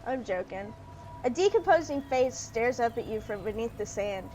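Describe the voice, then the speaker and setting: A woman's voice: on the high side, expressive, normal speed, dark tone, slight background noise, poor audio. A woman streaming a dating sim, chatting playfully and reading the story text aloud with a lot of giggling. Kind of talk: casual gaming commentary, reading game text aloud.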